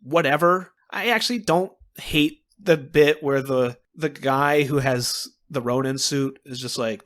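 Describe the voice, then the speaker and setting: A man co-hosting a podcast in casual chat, animated, swearing and laughing as he acts out quotes. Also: mid-range voice, a little slow, hardly any pauses. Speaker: podcast co-host.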